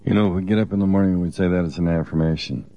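A man's voice: deep voice, steady tone, racing, warm tone, lo-fi sound. A man co-hosting a Christian teaching program, talking earnestly in a conversational, exhorting way, often restarting his sentences.

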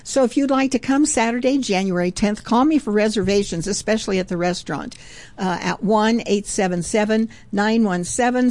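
A woman's voice: mid-range voice, a little mellow. A woman hosting a devotional radio ministry program, talking earnestly and fervently, with frequent exclamations of praise and a chatty, conversational manner. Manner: chatty and conversational, with fillers and restarts.

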